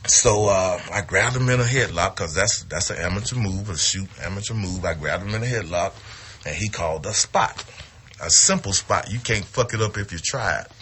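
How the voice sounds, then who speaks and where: Profane, lively male storyteller, low voice. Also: moderate pace, a little hiss or hum. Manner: profane, animated, acts out quotes. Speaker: retired wrestler telling a story. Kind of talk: casual storytelling.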